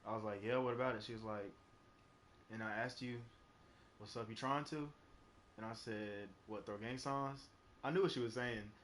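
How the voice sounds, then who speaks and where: A man's voice: medium pitch, fairly even intonation, moderate pace, long pauses, a bit bright, slight background noise. A young man streaming live, telling a personal story in a rambling, casual way full of fillers and swearing. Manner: rambling, heavy on fillers and profanity.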